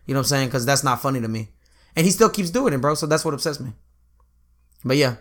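A man's voice: mid-range voice, animated, fast talker, a bit bright. A young man co-hosting a casual podcast, telling profane, slangy stories full of quoted asides. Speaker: podcast co-host. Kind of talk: casual chat.

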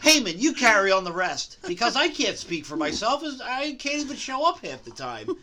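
A man's voice: sits high, big pitch swings, normal speed, sharp tone, pitched above the performer's own voice, heavily acted. A man putting on a boastful pro wrestler impression with an exaggerated Minnesota accent. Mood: mocking boast. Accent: Minnesota put-on.

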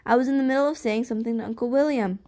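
A woman's voice: a little high, very fast, mellow, natural voice. A woman playing an insistent scheming girl. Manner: insistent, complaining. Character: scheming young girl, persistent.

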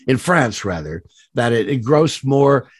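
A man's voice: mid-range voice, animated, measured pace, breathy edge, no echo. A man, a voice actor being interviewed, telling rambling anecdotes full of fillers and restarts, laughing at his own stories. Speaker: voice actor guest.

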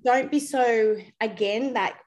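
A woman giving a casual spiritual reading, chatty and quick, passing on messages to the person in front of her. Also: fairly high pitch. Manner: chatty, warm-voiced, relays messages with "they're saying". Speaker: psychic reader.

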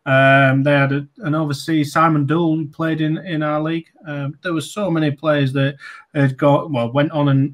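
A man in his forties talks through his old stories as a guest, his voice sitting a touch high. He rambles cheerfully, full of ums and false starts. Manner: chatty, laughing anecdotes with many ums and restarts. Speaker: guest, former cricketer. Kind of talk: casual interview storytelling.

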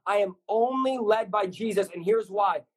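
A man preaching fervently as a podcast guest, his voice pitched high for a man and a little husky. He drives his point home in stacked, repeated short lines, with the insistent push of a sermon. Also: moderate pace, poor audio. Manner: intense, repetitive, builds lists of short punchy lines.

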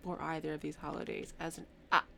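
A woman's voice: low voice, quick pace, creaky, background noise. A woman co-hosting a podcast in casual chat, trailing off with fillers and correcting herself as she goes. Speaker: podcast co-host.

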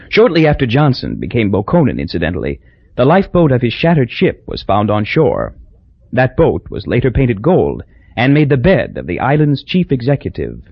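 A man with a husky, gravelly voice narrating an audiobook in a wry, measured way. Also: medium pitch, huge pitch swings, no room sound. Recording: dull lo-fi dry audio.

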